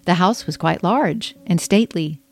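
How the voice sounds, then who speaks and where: Memoir narrator: woman author reading her own story, intimate and wry, lower voice. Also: moderate pace, faint music behind. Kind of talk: first-person memoir narration.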